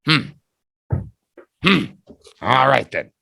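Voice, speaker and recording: A man teaching English on a video call in a teasing, chatty manner. His voice sits at a middle pitch and sounds dry and close, with no room around it. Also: lively intonation, moderate pace, a bit bright, no room sound. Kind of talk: online speaking test over video call.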